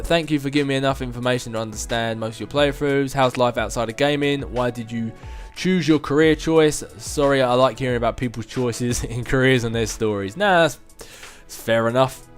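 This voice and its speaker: A man in his twenties answering viewer questions in a casual chat, rambling, self-mocking and chuckling often. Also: medium pitch. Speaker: gaming video host answering viewer questions.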